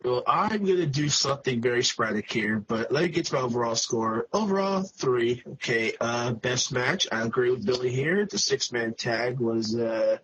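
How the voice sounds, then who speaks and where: A man's voice: mid-range voice, expressive, moderate pace, few pauses, a bit bright, poor audio. A man from the Bay Area giving brash, ranting opinions in a casual review chat and swearing freely. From San Francisco Bay Area. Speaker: guest panelist.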